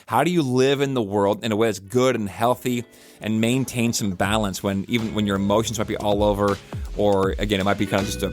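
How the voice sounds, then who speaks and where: A middle-aged man, a pastor musing in a casual, animated podcast talk full of fillers and restarts. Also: fairly low pitch.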